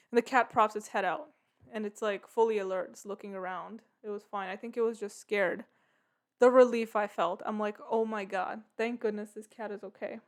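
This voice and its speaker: A woman's voice: a little high, clear, resonant tone. A woman hosting her own podcast, telling a story in a casual, rambling way full of "like" and "yeah". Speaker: podcast host.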